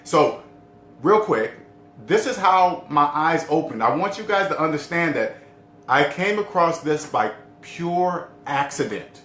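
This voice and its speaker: Emphatic middle-aged man in a roomy space. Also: fairly bright tone. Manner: emphatic, repeats key points, asks the viewer questions. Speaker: debt-free living vlogger. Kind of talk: casual talk to camera. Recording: roomy echo with faint rumble.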